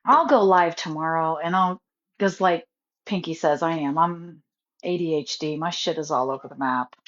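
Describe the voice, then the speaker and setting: Indignant rambling woman, low voice. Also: normal speed. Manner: indignant, rambling, talks over herself. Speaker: vlogger. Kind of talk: casual rant to camera. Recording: dull lo-fi phone audio.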